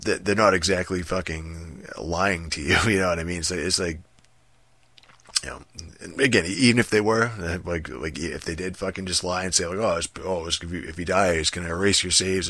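A man's voice: deep voice, moderate pace, bright, forceful tone, dry recording. A man ranting casually about a video game, profane and rambling, with many fillers and restarts. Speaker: gaming commentator.

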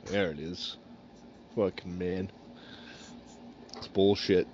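A man with a somewhat low voice chats on a podcast in a laid-back way, trading crude jokes with the host. The sound is dull and lo-fi. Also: fairly even intonation, takes it slowly, darkish tone, a little hiss or hum. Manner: laid-back, crude banter, often laughing along. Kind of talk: casual podcast chat.

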